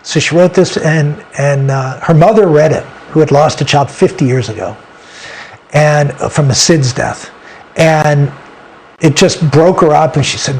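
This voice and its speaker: A man's voice: fairly high pitch, vocal fry, darkish tone, slight background noise. Earnest man telling a personal story. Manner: earnest and halting, with frequent restarts. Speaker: interview guest. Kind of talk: personal storytelling in a sit-down interview.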